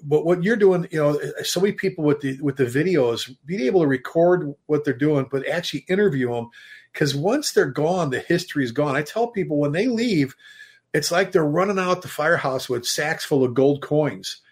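A man's voice: a little high, animated, moderate pace, darkish tone, husky. A middle-aged man, a fire chief and author, telling stories emphatically as a guest in a casual podcast talk, now and then swearing. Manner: storytelling, emphatic, mild swearing.

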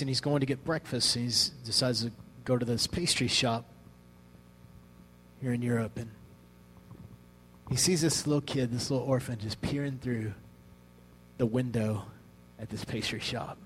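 A man preaching a sermon in a conversational way, telling a story with hushed asides. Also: medium pitch, moderate pace, slight background noise, low-quality recording.

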